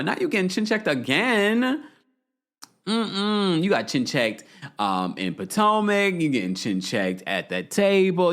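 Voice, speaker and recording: Male recap host, casual chat, lively swooping pitch, playful quote voices. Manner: animated, playful, mimics quotes with pitch jumps. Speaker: podcast host recapping reality TV.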